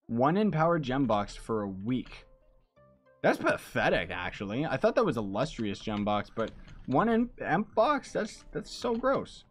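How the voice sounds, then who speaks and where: A man's voice: mid-range voice, sing-song, a little slow, soft background music. A man chatting casually to his viewers while he plays a game live, loose and rambling, with a lot of slang. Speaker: streamer. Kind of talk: casual live-stream chat while gaming.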